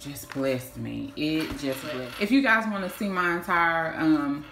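A woman, chatting warmly in a casual vlog, gushing and repeating herself, saying y'all a lot. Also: low-pitched, animated, unhurried, soft background music. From Texas. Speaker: vlogger. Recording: echoey room with faint hiss.

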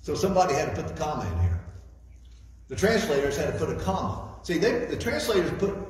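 A man's voice: a little high, big pitch swings, fast. A man preaching a sermon as a guest speaker, folksy and repeating words as he builds his points. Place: church hall. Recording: echoey hall, distant mic, faint noise.

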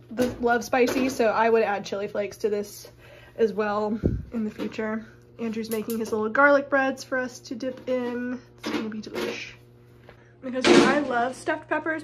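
A woman vlogger chatting casually at home in her kitchen, her voice nasal and stuffy from a cold, relaxed and peppered with fillers. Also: fairly high pitch, background noise. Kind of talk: casual chat.

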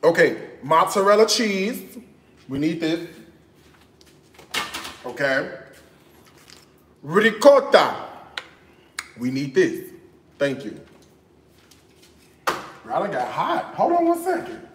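A man vlogging in his home kitchen, chatting in a sassy, animated way with speech. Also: a little high, takes it slowly, long pauses, reverberant, a little hiss or hum. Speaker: cooking vlogger. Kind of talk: casual chat.

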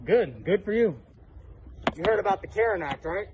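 A man's voice: sits high, expressive, normal speed, darkish tone, slightly rough, low-quality recording. A man angrily confronting a neighbor on a residential street, swearing and demanding his name while filming on a phone. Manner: angry, profane, confrontational. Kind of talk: heated street argument. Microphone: phone held while filming.

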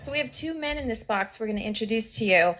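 A woman's voice: on the high side, animated, fast talker, over music. A woman hosting a game show in a bubbly, directing manner.

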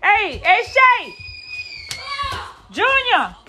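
A young woman live streaming from a busy family home on her phone, chatting casually and scolding her children loudly and bluntly. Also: very high voice, very animated, drawn-out words, music in the background. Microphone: phone camera.

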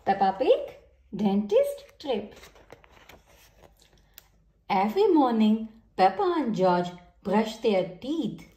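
A woman reading a children's storybook aloud in an animated, sing-song storytelling manner. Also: a little high, slow, long pauses. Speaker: storybook reader. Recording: roomy echo.

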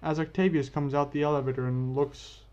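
A man's voice: fairly high pitch, fairly even intonation, brisk, darkish tone. A man narrating a fan-made story casually, correcting himself as he goes. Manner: unscripted, self-correcting. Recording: dull lo-fi with faint music.

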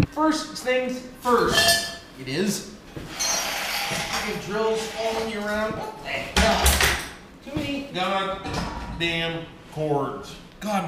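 A Canadian man from Ontario giving casual, rambling commentary while he welds in his workshop. He keeps calling out to the boys and swears freely. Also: high voice. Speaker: DIY vlogger. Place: echoey workshop garage. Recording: echoey shop with tool noise.

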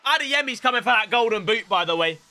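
A young man commentating on a video game, talking to his viewers in a chatty, slangy way and breaking into loud excited outbursts. His voice sits high and swings widely in pitch, with a bright, forceful edge. The sound is dry and close, with faint game music behind him. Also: quick pace, no echo. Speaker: gaming YouTuber. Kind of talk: live gameplay commentary.

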